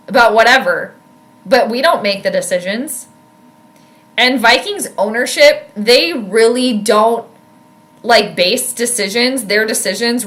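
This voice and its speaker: Young woman, animated fan-commentator streaming from home, bright higher voice, loud reactions. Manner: animated, yells at plays, chatty with viewers. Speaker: sports commentator and astrologer streaming live. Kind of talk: casual live game commentary. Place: home room with space heater.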